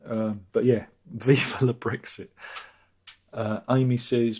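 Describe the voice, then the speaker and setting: A man's voice: mid-range voice, level tone, slow pace, darkish tone. Man, fifties, live-stream host, rambling, jokey, crude asides. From Britain. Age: 50s. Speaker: livestream host. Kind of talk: casual live-stream chat, reading out viewer comments.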